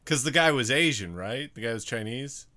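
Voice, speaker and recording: Bright-voiced laid-back man. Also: medium pitch, animated, normal speed. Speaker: stream co-host. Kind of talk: casual chat.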